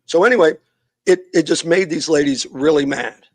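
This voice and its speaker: A man's voice: a little high, moderate pace, dry recording. A middle-aged man, a youth minister and podcast guest, telling a long story in casual interview talk and acting out the people he quotes.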